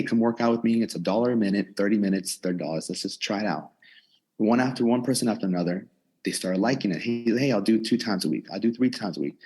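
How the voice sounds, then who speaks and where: In a husky, lowish voice, a gym owner and personal trainer in his twenties tells his story during a casual interview. He's an animated storyteller who acts out his own lines and other people's, speaking from his gym in a converted storage unit.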